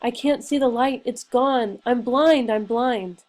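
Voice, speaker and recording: A woman's voice: on the high side, moderate pace, warm tone, lightly acted. A woman voicing a frightened young pregnant woman, reading her panicked, pleading lines in a storybook.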